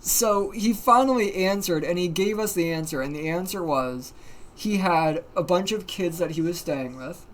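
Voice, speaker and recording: A livestreamer telling a story in casual, animated talk, swearing often and using plenty of fillers. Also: mid-range voice, normal speed, a little hiss or hum. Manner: animated, profane, many fillers.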